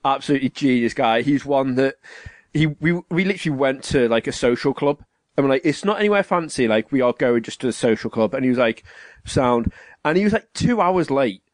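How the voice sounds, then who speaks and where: A man's voice: medium pitch, fairly quick, dry recording. A man hosting a casual podcast, telling stories with swearing and laughter. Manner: swearing, laughing, animated storytelling. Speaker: podcast host.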